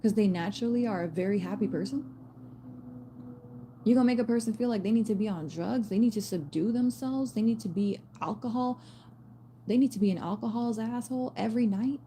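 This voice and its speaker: A woman giving a casual spiritual message to her viewers, blunt and animated, swearing and using slang as she talks. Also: fairly high pitch, fairly quick, slight background noise. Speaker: spiritual reader.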